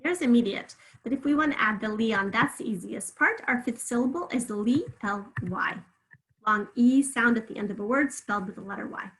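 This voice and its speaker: Bright-voiced woman teaching spelling. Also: a little high, poor audio. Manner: patient, encouraging, sounds out syllables slowly. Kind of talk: spelling lesson.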